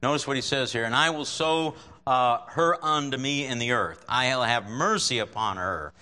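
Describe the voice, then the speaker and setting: A man's voice: mid-range voice, normal speed, bright, forceful tone. A man preaching a sermon and reading scripture aloud, talking conversationally and checking in with his listeners. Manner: conversational, checks in with frequent "right?"; chuckles often while preaching.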